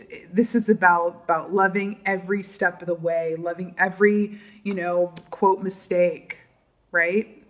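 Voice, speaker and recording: Woman reading tarot cards for viewers, soft and gushy, lots of um and like. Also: mid-range voice. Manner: soft, emotional, gushing with many fillers. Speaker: tarot reader. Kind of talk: casual tarot reading to camera.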